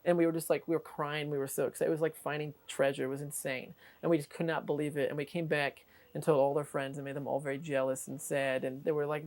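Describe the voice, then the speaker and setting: A woman's voice: low voice, fast, few pauses. A woman telling a long, rambling anecdote in an interview, full of "like" and acted-out quotes. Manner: rambling, lots of "like", animated quoting. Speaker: interviewee, tape collector. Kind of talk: excited anecdotal storytelling.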